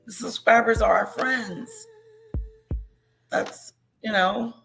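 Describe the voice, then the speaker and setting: A woman's voice: fairly high pitch, slow pace, creaky, fairly bright tone, soft background music. A woman streamer giving gossipy, scornful commentary as she tells the story of a feud.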